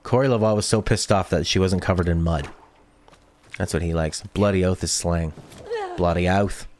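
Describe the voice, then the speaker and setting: A man's voice: low voice, a little fast, a little mellow, a little hiss or hum. A man streaming a video game, chatting casually, reading viewer comments and joking. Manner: playful, reads chat aloud and jokes. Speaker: let's play streamer.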